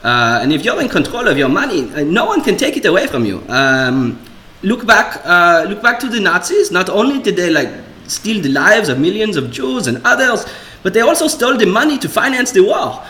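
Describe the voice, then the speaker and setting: A man putting on an Israeli accent to play an ex-army Bitcoin shill, pitching haltingly with many fillers. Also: big pitch swings, pushed and bright, echoey room, full character voice. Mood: earnest.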